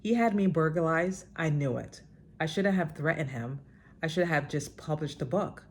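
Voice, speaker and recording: A woman's voice: lively intonation, moderate pace, slight background noise. A woman vlogger reading a book aloud with dramatic emphasis and breaking in with her own emphatic comments. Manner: emphatic, with sudden high outbursts.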